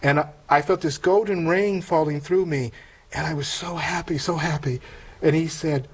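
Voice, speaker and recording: A middle-aged man earnestly telling a personal spiritual testimony in an interview, halting and emotional, with many pauses and fillers. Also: a little high, steady tone, breathy edge, rough recording. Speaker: interview guest.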